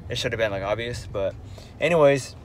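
A man's voice: mid-range voice, a little fast, a little hiss or hum. A young man in a casual vlog rant, exasperated and rambling with lots of fillers, talking from his car. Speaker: vlogger.

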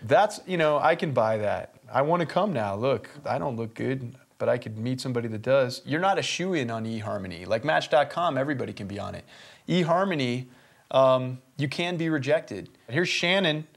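A man's voice: mid-range voice, expressive, normal speed, gravelly. A man hosting a comedy web show, delivering mocking, sardonic commentary and chuckling through his own jokes.

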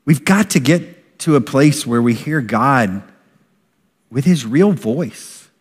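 A middle-aged man preaching a sermon as pastor, animated and acting out voices of a parent. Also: medium pitch, slow pace, slightly rough. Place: church sanctuary. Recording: long reverb of a large hall.

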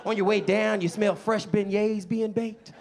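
On a club stage before a live crowd, a young man from the south side of Chicago works through a stand-up set, playing characters in comic voices. His voice sits high with a steady tone, normal speed and some vocal fry.

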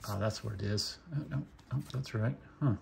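A man's voice: fairly low pitch, brisk, vocal fry. A man with a mixed Oklahoma and Indiana accent, casually reading card names aloud one by one while opening packs and adding short remarks. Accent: Oklahoma and Indiana mix. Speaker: card collecting channel host. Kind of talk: casual pack-opening commentary.

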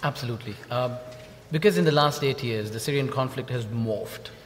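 A man's voice: mid-range voice, a little fast. A man journalist on a festival panel, speaking earnestly and emphatically, repeating points for weight. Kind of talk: panel discussion. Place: large festival hall. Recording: long hall reverb with faint noise.

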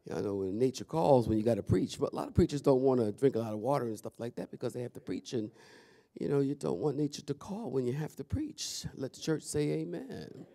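This pastor's voice is gravelly and medium-pitched, and he talks briskly. Standing in the church sanctuary, he addresses his congregation casually and animatedly, calling out to people.

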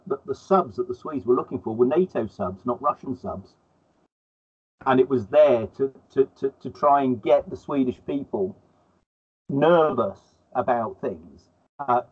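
A man in casual conversation, speaking haltingly and repeating words as he gathers his thoughts. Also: medium pitch, husky. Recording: tinny phone-like line.

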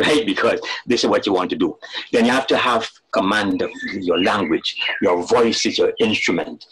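An older man, talking as a storyteller in a webinar interview, animated and laughing at his own jokes. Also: lowish voice, fairly quick, slight background noise, low-quality recording. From Caribbean. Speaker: storyteller and writer. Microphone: video call.

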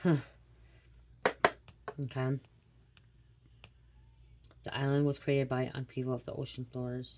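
A woman's voice: rumbling low, level tone, slow pace, pauses often, mellow. A woman in her late thirties doing a casual psychic reading, rambling and confiding with casual swearing. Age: 30s. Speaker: tarot reader.

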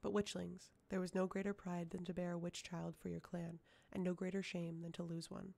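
A woman reads a fantasy audiobook in a low, dark voice full of gravelly fry. Her narration is measured and even.

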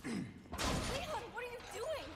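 A woman's voice: very high voice, wildly swooping pitch, a little slow, gravelly, soft background music, exaggerated voice. An actress playing a sarcastic young woman companion in an action video game, exasperated and teasing.

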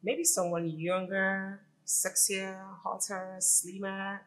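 An actress with a Nigerian accent playing a pushy, teasing best friend giving bold advice. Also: female voice, medium pitch, little pitch movement, slow pace, fairly bright tone.

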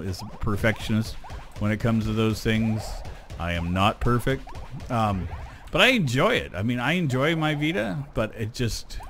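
A man's voice: medium pitch, a bit bright, a little hiss or hum. Rambling man chatting while gaming. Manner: rambling, self-deprecating, many fillers. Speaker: gameplay video host. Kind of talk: casual gaming commentary.

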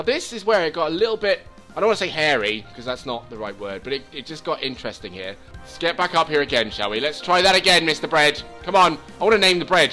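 A man giving let's play commentary, excitable and swearing as he talks to the game. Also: fairly high pitch. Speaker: gaming channel host.

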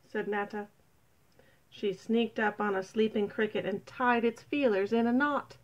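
Gentle, slow woman reading a picture book. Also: mid-range voice. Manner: gentle, expressive, unhurried. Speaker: storybook reader. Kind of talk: children's read-aloud.

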